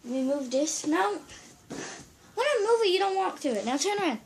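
An excitable woman chatting to the camera at home, her high voice swooping up and down as she giggles and coaxes her pet. A faint hiss runs under the home recording. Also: moderate pace. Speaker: vlogger. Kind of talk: casual home vlog. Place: at home, indoors.

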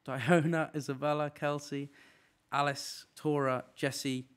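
Young male streamer, slightly high voice, casual, quick name roll-call. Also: level tone, a bit bright, clean tone. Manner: rattling off names in a quick run. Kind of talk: casual live-stream chat. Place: apartment room.

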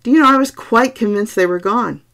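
A woman's voice: fairly high pitch, fairly quick, fairly bright tone, pitched above the performer's own voice. A woman voicing a frantic Victorian husband. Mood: relieved. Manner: urgent, agitated, pleading. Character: frightened young Victorian husband, an artist, frantic.

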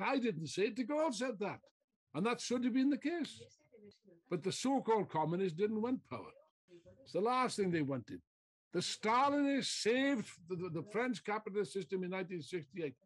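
A man delivers a fiery political speech in a fairly high voice. He hammers his points with repeated phrases and rhetorical questions, and now and then mocks his opponents with a put-on voice. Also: very animated, normal speed, husky. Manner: mocking mimicry of opponents. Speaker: political speaker.

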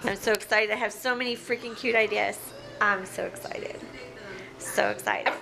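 A woman vlogging casually at home, chatty and excitable. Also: mid-range voice, normal speed, creaky, over music, rough recording. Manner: chatty, excitable, sing-song baby talk to her pets. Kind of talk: casual home vlog chat. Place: living room at home. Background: TV show with cheering audience playing.

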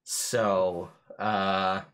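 A man acting as game master for a streamed tabletop game, explaining rules in an excitable, chuckling way. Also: low voice, extremely slow, clear, resonant tone.

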